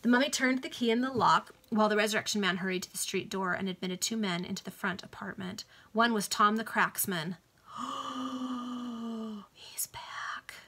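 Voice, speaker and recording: Woman reader, bright voice, casual book reading with explanatory asides. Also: medium pitch. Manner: pauses to explain the text, chatty asides. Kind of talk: casual read-aloud of a novel. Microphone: video call.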